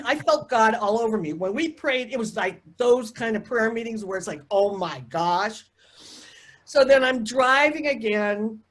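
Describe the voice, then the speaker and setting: Older woman telling a rambling, emotional story. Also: on the high side. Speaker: interview guest. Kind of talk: personal storytelling in an interview.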